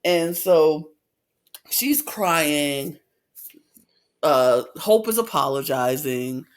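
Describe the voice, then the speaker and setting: A man co-hosting a podcast, chatting casually as he recaps a reality show and acts out quotes in lively voices. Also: drawn-out words. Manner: animated retelling, acts out quotes with big pitch swings. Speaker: podcast co-host.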